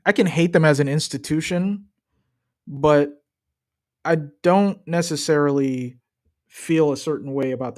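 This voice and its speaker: A young man talks loosely through a live stream, trash-talking and joking about football as he watches. His voice sits fairly high for a man. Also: a little mellow. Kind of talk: casual live-stream commentary.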